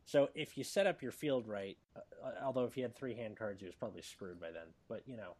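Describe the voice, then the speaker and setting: A man's voice: fairly low pitch, fast, a little mellow. A man hosting a casual podcast, joking and teasing, often stumbling over restarts. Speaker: podcast host.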